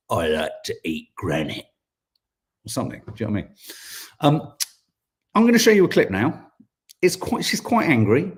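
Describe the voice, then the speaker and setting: A man's voice: mid-range voice, a little mellow. A British man hosting a podcast, chatting wryly and reading out viewer comments, getting worked up at times. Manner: chatty, wry, gets worked up, frequent fillers. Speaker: podcast host.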